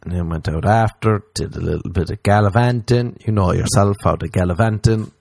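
A man's voice: fairly low pitch, a little fast, creaky, darkish tone, dry recording. A man hosting his own podcast, rambling, swearing and mocking himself in casual comic chat. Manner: profane, self-mocking, rambling. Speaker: podcast host.

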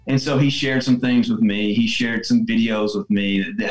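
A man guest, a salon owner, telling heartfelt stories in relaxed conversation. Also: on the low side, fast talker, hardly any pauses. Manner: earnest, heartfelt. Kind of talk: conversational storytelling. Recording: roomy echo, faint music.

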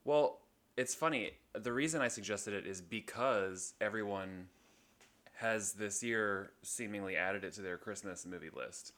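A man co-hosting a casual podcast chat, teasing with dry jokes in a relaxed, mid-pitched voice. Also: unhurried. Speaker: podcast co-host.

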